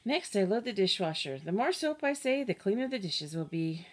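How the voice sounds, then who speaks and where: A woman reading a children's picture book aloud in an expressive, animated storytelling voice. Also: mid-range voice, normal speed, few pauses. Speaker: storybook reader.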